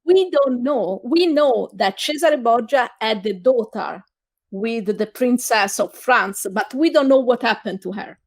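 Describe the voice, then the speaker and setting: Brief: woman co-host, slightly high voice, slow and halting, lots of filler pauses. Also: lively intonation, dry recording. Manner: slow, hesitant, many filler pauses, explains history. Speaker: podcast co-host. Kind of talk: casual review chat.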